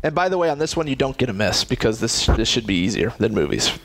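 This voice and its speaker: A man hosting a casual trivia game with friends, reading lists out briskly. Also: medium pitch, big pitch swings, gravelly, heavy background noise. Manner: brisk, reads lists quickly. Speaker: quiz host.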